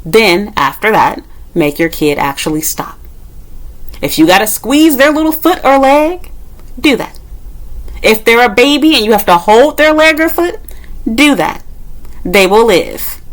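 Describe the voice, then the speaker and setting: A woman's voice: medium pitch, very animated, a little slow, pauses often, rough recording. Blunt, profane woman ranting. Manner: sarcastic, with mocking asides; emphatic, rising sharply on key points. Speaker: vlogger. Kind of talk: monologue rant to camera.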